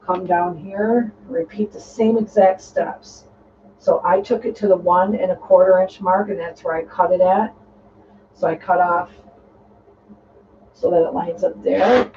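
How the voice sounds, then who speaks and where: Relaxed sewing teacher, heard from afar. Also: mid-range voice, measured pace, background noise. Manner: relaxed, instructive, talking while cutting fabric. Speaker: sewing tutorial host. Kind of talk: casual step-by-step sewing tutorial. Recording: distant dull lo-fi sound with faint room ambience.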